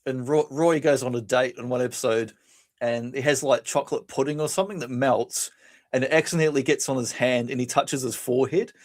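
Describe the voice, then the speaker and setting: On a casual podcast, a male co-host with a medium-pitched voice talks a little fast. He retells comedy scenes in an animated way, laughing often and acting out the quotes.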